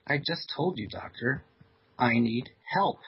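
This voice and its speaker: A man's voice: expressive, unhurried, husky. A man voicing a demanding, evasive woman caller who accuses him of not wanting to help. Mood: plaintive, accusing. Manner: plaintive, accusing, high-pitched. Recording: dull lo-fi radio sound.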